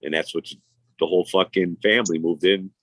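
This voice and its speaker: A man's voice: low voice, fairly even intonation, brisk, a bit bright, no room sound. A man, telling stories in casual, profane, rambling chat as a podcast host. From Chicago. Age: 50s.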